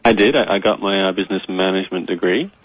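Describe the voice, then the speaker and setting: A man's voice: low voice, fast talker, dry recording, lo-fi sound. A man from Australia with a Canadian accent, a guest talking easily in an interview and laughing readily. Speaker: guest, professional blogger. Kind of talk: casual interview.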